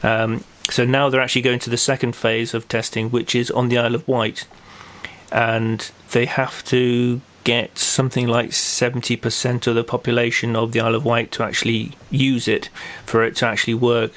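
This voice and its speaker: A man's voice: mid-range voice, completely flat delivery, normal speed, a bit bright. A man hosting a local podcast in casual chat, rambling with many fillers and restarts. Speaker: podcast host.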